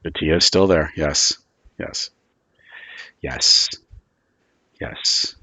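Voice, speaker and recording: Low-voiced rambling game master, man. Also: drawn-out words, bright, forceful tone, no room sound. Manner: loose, rambling description full of "like" and "kinda". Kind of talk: narrating a tabletop horror game.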